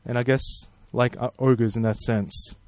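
A man's voice: mid-range voice, flat delivery, unhurried, darkish tone, no echo. A man preaching a sermon in a friendly, conversational way, praying and asking the congregation questions. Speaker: pastor.

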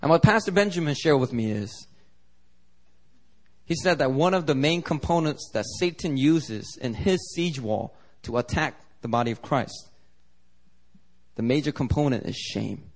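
This man's fairly high voice moves at a normal speed as he preaches a sermon. He narrates with animation, slipping into the voices of the people in his stories.

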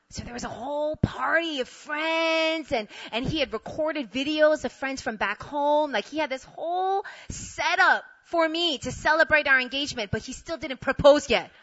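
Woman, young adult, storytelling, animated, bright voice, dry dull lo-fi sound. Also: mid-range voice, dry recording. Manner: animated, laughs and acts out both sides of the story. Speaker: speaker telling a personal story. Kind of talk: storytelling to an audience.

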